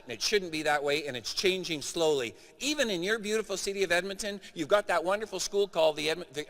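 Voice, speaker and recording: A middle-aged man from Canada delivers a keynote in a big conference hall, his fairly high voice carrying a long reverb tail. He speaks with animated emphasis, pressing points home to the crowd. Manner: animated, emphatic speaker addressing a live audience.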